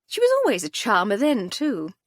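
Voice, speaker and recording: Woman reading unflappable upper-class lady detective, arch, breezy, lively intonation, dry close sound. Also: medium pitch, moderate pace, no room sound.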